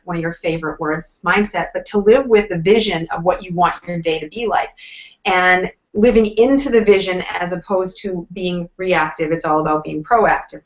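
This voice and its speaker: A woman's voice: lowish voice, highs cut off. A woman with a Boston accent, co-hosting a live online coaching chat and explaining ideas earnestly. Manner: earnest, explanatory, asks herself questions. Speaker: life coach, co-host.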